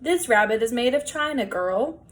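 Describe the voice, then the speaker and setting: A woman voicing a huge, kindly bearded man of the road who speaks in gentle, formal phrases. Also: a little high, lively intonation, normal speed. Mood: genial. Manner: courtly, gentle, wordy.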